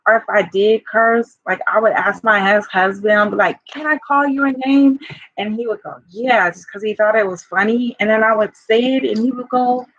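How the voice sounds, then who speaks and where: A woman's voice: mid-range voice, steady tone, moderate pace, hardly any pauses, a bit bright, no room sound. A woman life coach in a personal vlog, talking in a confessional, rambling way full of fillers. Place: home by a fire. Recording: dull lo-fi sound.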